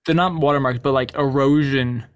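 A man running a tabletop game as game master, describing scenes in a loose, unhurried way with frequent fillers. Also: mid-range voice, fairly even intonation, smooth, dry recording, clean studio sound.

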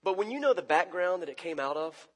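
A man pastor giving a conversational sermon, acting out quoted lines with sudden shifts between loud and soft. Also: high voice, animated, fast talker. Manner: conversational preaching, acts out quoted lines with big swings in loudness. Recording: long reverb of a church hall.

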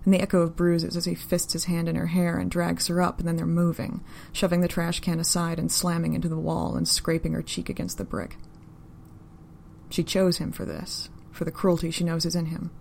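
A woman narrating a story in an even, unhurried, deadpan reading style. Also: lowish voice, gravelly, a little hiss or hum.

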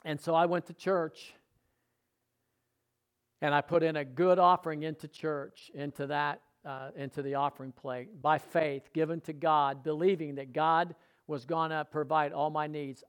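Preacher guy giving his testimony, kinda high voice, earnest, repeats himself for emphasis. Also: fairly even intonation, measured pace, clear, resonant tone. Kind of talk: sermon.

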